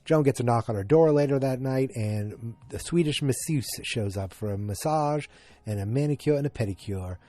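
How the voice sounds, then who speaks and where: Male podcast host, casual recap, halting and rambling delivery, dry close sound. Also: medium pitch, mellow, no echo. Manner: rambling, halting, many fillers and restarts.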